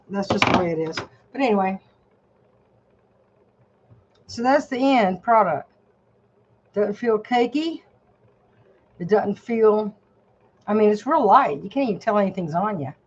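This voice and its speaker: A woman's voice: mid-range voice, highs cut off. An older woman vlogging a casual product review from her home desk, chatty and rambling as she talks straight to her viewers.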